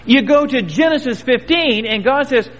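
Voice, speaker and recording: A man's voice: very high-pitched, expressive, moderate pace, fairly bright tone. A man preaching a sermon in a folksy, earnest way, with rhetorical questions and homespun stories. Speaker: pastor. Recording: dull old recording in a reverberant hall.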